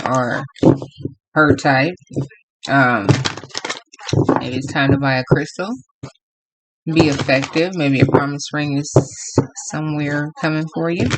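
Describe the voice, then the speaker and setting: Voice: mid-range voice, heavy background noise. A tarot reader from Los Angeles giving a casual, rambling reading to viewers and laughing often.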